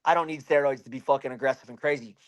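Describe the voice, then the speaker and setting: A man, a bare-knuckle fighter from Pennsylvania, telling a story in an interview in an animated way and swearing constantly. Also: medium pitch, very fast.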